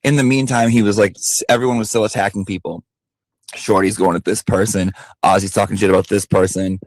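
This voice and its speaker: A man's voice: on the low side, fairly even intonation, fairly quick, no room sound. A man vlogging, telling a story in a casual, emphatic way with frequent swearing and asides. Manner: emphatic and profane, with lots of asides.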